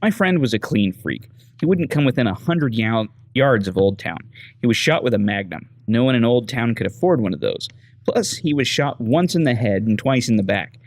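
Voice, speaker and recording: A man's voice: mid-range voice, animated, normal speed, no echo. A man voicing a chatty female weapon-shop owner from a video game, telling gossip in an earnest, confiding way. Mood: gossipy.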